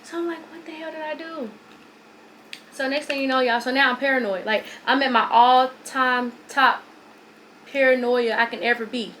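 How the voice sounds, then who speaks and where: A young woman vlogger telling a long, rambling story while doing her hair at home, repeating herself and talking in an animated way. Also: high voice, normal speed, slight background noise. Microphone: phone or camera on a stand.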